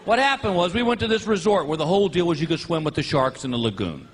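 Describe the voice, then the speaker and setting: A male stand-up comedian telling a story with animated delivery, bursting into shouted punchlines. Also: on the high side, quick pace. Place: comedy stage before a live audience. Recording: live stage audio with crowd noise.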